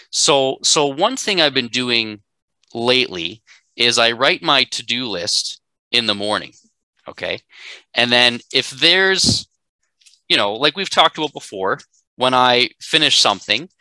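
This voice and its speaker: A man's voice: medium pitch, pushed and bright, no room sound, poor audio. A man teaching a live class, emphatic and conversational, often checking in with "right?". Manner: emphatic, keeps asking "right?". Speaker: instructor.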